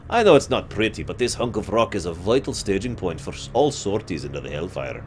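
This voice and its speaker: A man reading a gruff, blunt dwarf wing commander in a put-on dwarf accent. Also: sits low, big pitch swings, brisk, a little hiss or hum. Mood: briskly commanding.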